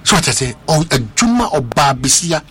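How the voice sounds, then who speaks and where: A man hosting a casual radio chat, animated and mixing languages as he talks. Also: brisk, faint music behind. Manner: animated, switching between languages, breaks into high laughing cries.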